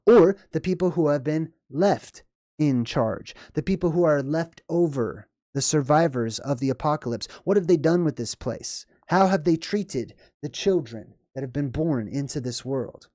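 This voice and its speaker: Mellow-voiced man musing on movie symbolism. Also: fairly high pitch, expressive, moderate pace, no room sound, studio quality. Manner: rambling, frequent "right?" and "okay?" check-ins. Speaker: video commentator. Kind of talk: casual movie commentary.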